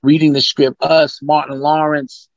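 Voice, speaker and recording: Animated man telling stories. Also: on the high side, unhurried, no echo, highs cut off. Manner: animated, acts out quotes. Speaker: guest musician. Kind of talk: interview storytelling.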